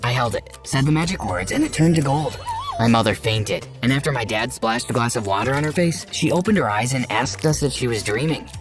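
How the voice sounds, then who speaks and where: Steady storytime narrator over music. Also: medium pitch, fairly quick. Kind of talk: first-person storytime narration. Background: background music.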